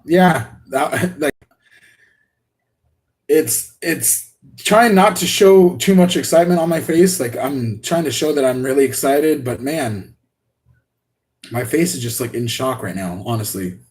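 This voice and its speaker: A man hosting a live unboxing stream, talking excitedly and rambling with many restarts and laughs. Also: mid-range voice, measured pace. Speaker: RC hobby channel host.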